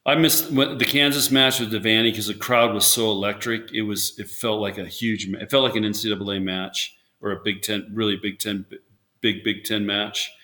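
A man's voice: fairly low pitch, steady tone, fairly quick, sharp tone. A man, a former volleyball coach, chatting casually in an interview and telling rambling stories with lots of restarts. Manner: rambling storyteller, many restarts, acts out quotes.

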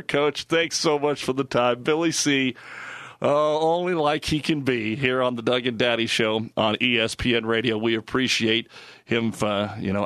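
Bright-voiced male sports radio host. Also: medium pitch, no room sound. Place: radio studio.

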